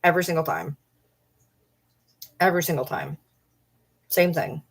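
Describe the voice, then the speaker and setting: A woman's voice: low-pitched, normal speed, gravelly, husky. Blunt, profane middle-aged woman streamer. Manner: blunt, profane, animated retelling. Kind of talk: casual livestream storytelling.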